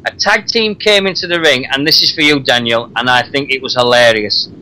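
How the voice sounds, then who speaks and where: A man's voice: mid-range voice, a little fast, pushed and bright, slight background noise, low-quality recording. A man hosting a radio talk show, chatting casually and laughing often. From Britain. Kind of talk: casual wrestling chat.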